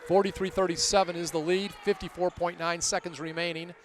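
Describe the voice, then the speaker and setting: A man announcing a basketball game play by play, getting loud and excited during plays. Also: sits high, a little fast, some chatter behind, slight background noise. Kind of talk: live basketball commentary.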